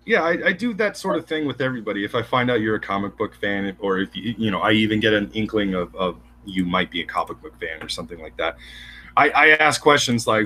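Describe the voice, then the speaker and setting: A man's voice: on the low side, expressive, bright, forceful tone. A man co-hosting a casual podcast, rambling with heavy swearing and many restarts. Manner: rambling, profane, fast bursts with restarts. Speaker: podcast co-host. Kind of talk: casual crude podcast banter.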